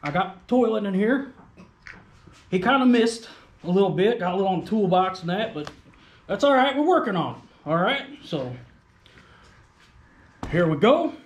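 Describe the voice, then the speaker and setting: A man with a high, bouncy voice tells a rambling, crude and folksy comic story as he shows off his RC truck. His voice rings in a roomy, echoey space, and his pitch swings up and down as he talks. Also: expressive, moderate pace, long pauses. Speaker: RC hobby video host. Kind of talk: comedic rural character monologue.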